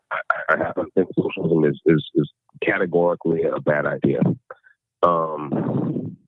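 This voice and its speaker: A man speaking as an interview guest in casual conversation, halting, with many repeated words and restarts. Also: extremely low pitch, husky, no echo. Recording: tinny phone-like remote call audio.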